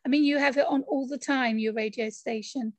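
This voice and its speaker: A woman with a high voice hosts a podcast interview, chatty and friendly. Her voice sounds close and dry, with no room around it. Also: fairly even intonation, fairly quick, a little mellow, dry recording. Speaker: podcast host. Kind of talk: casual interview chat.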